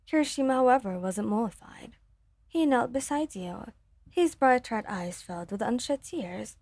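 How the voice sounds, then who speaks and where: Breathy woman narrating a fan story. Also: fairly high pitch, lively intonation, normal speed, a little mellow, no room sound. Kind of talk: fan fiction story reading.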